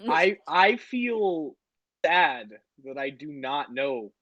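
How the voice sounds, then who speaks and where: A young man co-hosting a casual podcast with friends, chiming in with jokes and deadpan bits. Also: on the high side, slow pace, no room sound, highs cut off. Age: young adult. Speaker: podcast co-host. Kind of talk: casual chat.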